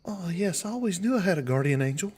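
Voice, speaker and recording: A man's voice: high voice, lively intonation, fast talker, a little mellow, breathy edge, voice pushed up. A man doing a small, pleading elf girl. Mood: hopeful. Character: young elf girl, about seven, trusting.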